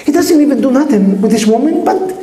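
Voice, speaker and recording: A man, a rabbi, preaching a sermon through parables and acting out the characters' lines with lively changes of voice. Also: extremely high pitch, brisk, reverberant, low-quality recording.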